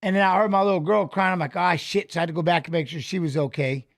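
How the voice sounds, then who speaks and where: High-voiced man rambling fight commentary. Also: rapid-fire. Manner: rambling, profane, restarts and fillers. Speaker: fight watch-along co-host. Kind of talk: casual live fight commentary and storytelling.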